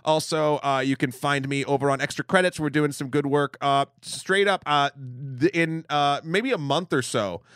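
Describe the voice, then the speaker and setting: Rambling, higher-voiced male podcast host. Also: moderate pace, few pauses, clean tone, no echo, studio quality. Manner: rambling, self-interrupting, bursts of animated emphasis. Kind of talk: casual podcast chat.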